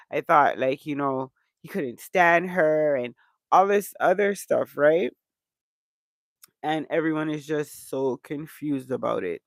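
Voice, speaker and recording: A man with a stuffed-up nose chats on a reaction video, slow and gravelly, dropping lots of "um"s. His voice sits a bit high for a man and sounds close and dry. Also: a bit bright, no room sound. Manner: chatty, many "um" fillers. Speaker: reaction channel host. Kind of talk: casual reaction chat.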